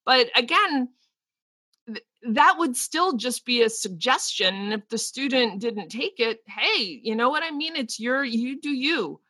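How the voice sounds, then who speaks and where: Her voice is a little high, bright and forceful, with lively intonation and an unhurried pace, and there's no echo. She's a teacher co-hosting a casual podcast, talking frankly and at length and restarting sentences often.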